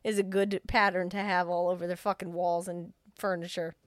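A woman's voice: fairly low pitch, level tone, moderate pace, dry recording, clean studio sound. A woman co-hosting a podcast, casually retelling a film's plot with lots of swearing and acting out the characters' lines. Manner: profane, acts out the characters' lines. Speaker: podcast co-host explaining a film.

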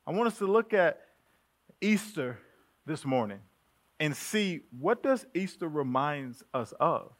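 A male pastor preaching a sermon in a relaxed, conversational way, calling the congregation family. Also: fairly high pitch, a little slow. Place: church sanctuary.

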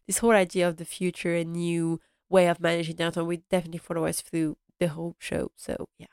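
Chatty lady recapping an episode, lowish voice, dry close sound, laughs a lot. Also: flat delivery, fast, few pauses, darkish tone, clear, resonant tone, no room sound. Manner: chatty, laughs often, retells scenes. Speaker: podcast host.

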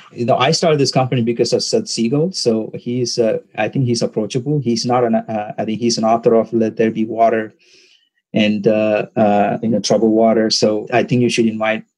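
A man whose first language is Tamil, a podcast guest talking casually and haltingly, with lots of fillers. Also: lowish voice, rough recording. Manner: relaxed, halting, many fillers. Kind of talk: casual interview talk.

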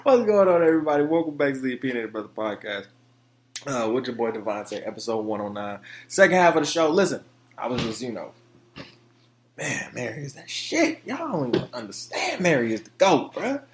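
A man hosting a solo podcast, talking in an animated, profane, casual way and now and then breaking into song. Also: medium pitch, a little fast, slight background noise. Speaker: podcast host.

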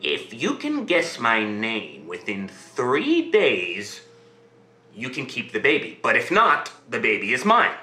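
Guy doing a sneaky lil imp, low n hushed, kinda creepy, echoey room. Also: wildly swooping pitch, takes it slowly, soft background music, full character voice. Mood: sly. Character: sly little male imp, scheming.

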